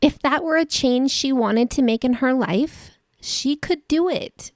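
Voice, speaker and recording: A woman's voice: high voice, measured pace, a little mellow, dry recording, studio quality. A woman hosting a podcast, telling a personal story in a chatty way and laughing at herself. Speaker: podcast host.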